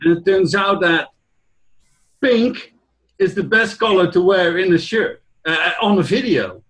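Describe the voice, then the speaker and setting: A man chats casually and asks curious questions. His voice sits high for a man. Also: animated, a little slow, a bit bright. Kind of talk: casual chat.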